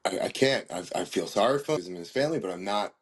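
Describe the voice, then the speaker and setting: A man co-hosting a podcast who talks in a relaxed, conversational way and tells stories with plenty of fillers. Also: fairly low pitch, quick pace, breathy edge. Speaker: podcast co-host. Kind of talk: casual chat.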